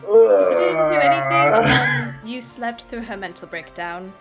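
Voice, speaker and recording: A woman's voice: on the low side, lively intonation, measured pace, reverberant, music in the background. A woman playing a tabletop game, chiding the others in a caring way. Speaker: player. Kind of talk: casual play of a tabletop game.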